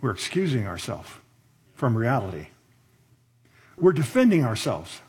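A man's voice: mid-range voice, big pitch swings, moderate pace, long pauses, darkish tone, slightly rough. A middle-aged man pastor preaching a sermon in a conversational way, with asides and rhetorical questions.

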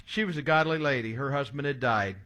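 A man's voice: mid-range voice, fairly quick, pushed and bright. A man in his sixties preaching a sermon, telling stories and reading scripture aloud in an earnest way. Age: 60s. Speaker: pastor.

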